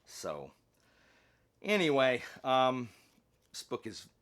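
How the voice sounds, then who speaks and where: A man's voice: medium pitch, wildly swooping pitch, takes it slowly, a bit bright. A man reviewing a book in a casual vlog, earnest and rambling, with frequent fillers and restarts.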